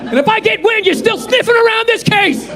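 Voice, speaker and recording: A man shouting as an enraged police captain. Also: extremely high pitch, lively intonation, brisk, voice pushed up. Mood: furious. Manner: bellowing, scolding. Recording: live club audience and crowd noise.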